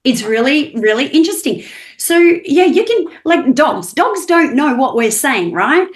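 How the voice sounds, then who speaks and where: A woman's voice: high voice, sing-song, measured pace. A woman, a trainer explaining communication on a video call, often acting out rising and falling tones to make her point. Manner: demonstrates voice inflection, rising and falling for effect. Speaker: NLP trainer and hypnotherapist guest. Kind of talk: animated expert explanation.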